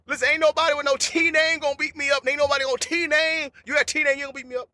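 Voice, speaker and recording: Very high-voiced rambling comic man. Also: steady tone, racing, few pauses, bright, forceful tone, no room sound. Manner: rambling, repetitive slangy storytelling. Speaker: podcast host. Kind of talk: unedited comedic monologue.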